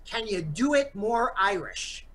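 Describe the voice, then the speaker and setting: Man improvising, animated, teasing and pushy. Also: high-pitched, measured pace, low-quality recording. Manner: playful, pushy casting director bit. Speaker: improv comedy host. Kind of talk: improvised comedy scene.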